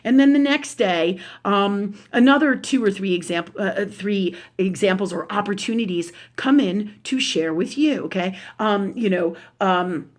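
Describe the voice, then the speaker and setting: A woman's voice: medium pitch, measured pace, hardly any pauses. A woman hosting a casual live spirituality talk, rambling and emphatic, with frequent swearing. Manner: restarts and fillers.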